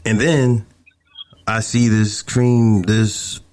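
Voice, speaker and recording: A man's voice: lowish voice, level tone, drawn-out words, a little mellow. A man who is a podcast guest, telling a story in a laid-back, casual and profane way.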